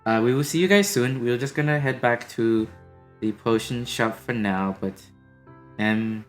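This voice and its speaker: A man voicing a worried, guilt-ridden woman adventurer in a tabletop game, speaking haltingly with many restarts. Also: medium pitch, faint music behind, lightly acted. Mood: worried, guilty.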